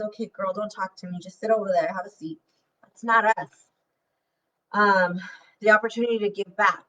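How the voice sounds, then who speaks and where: A woman leading her direct sales team in a chatty, energetic motivational talk, calling her listeners "you guys". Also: medium pitch, recorded from a distance, a little hiss or hum, poor audio.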